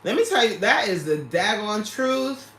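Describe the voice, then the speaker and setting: A bright, lively woman chatting live with her viewers. Her voice rises and falls a lot, she laughs often, and the sound has a roomy echo around it. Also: medium pitch, unhurried. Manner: animated, laughs often, talks straight to viewers. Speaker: livestream host reading chat. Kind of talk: casual livestream chat.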